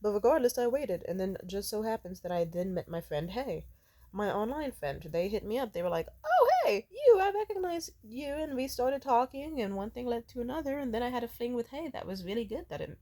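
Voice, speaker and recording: Young woman vlogger, raw and profane, rambles through an emotional vent at an ordinary pitch. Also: expressive, brisk, mellow. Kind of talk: ranting personal vent.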